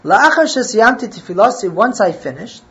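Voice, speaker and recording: A woman's voice: mid-range voice, very animated, moderate pace, fairly bright tone, dull audio. A woman giving a religious text lesson. She reads each phrase aloud, then translates and explains it. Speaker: Torah teacher.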